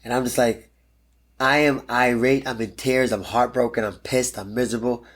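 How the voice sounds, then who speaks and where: A man's voice: medium pitch, fairly even intonation, normal speed, fairly bright tone. A man in his thirties, a pro fighter guest in an interview, telling a story bluntly and animatedly and swearing freely.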